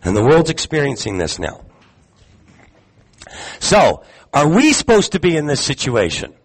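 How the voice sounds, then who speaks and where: A man giving a live sermon to a congregation, talking conversationally, putting questions to the room and filling pauses with ums. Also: fairly high pitch, huge pitch swings, husky, rough recording. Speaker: teacher at a congregation gathering. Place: gathering hall with audience.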